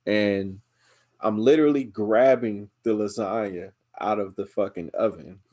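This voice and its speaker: A man's voice: lowish voice, a little slow. A young man from Georgia, hosting a podcast, who tells stories casually and acts out other people's voices. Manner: animated storytelling, acts out his mom's voice. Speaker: podcast host. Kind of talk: casual chat.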